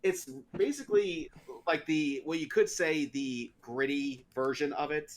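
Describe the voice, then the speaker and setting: A man's voice: fairly high pitch, measured pace, a little hiss or hum. A man co-hosting a casual podcast, rambling along with many fillers and false starts. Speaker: podcast co-host. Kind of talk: casual chat.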